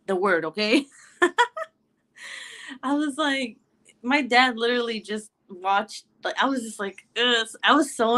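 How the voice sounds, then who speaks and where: A woman's voice: mid-range voice, fairly bright tone. A woman in her thirties hosting a casual live stream, chatting and laughing with viewers. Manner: chatty and giggly, with many fillers.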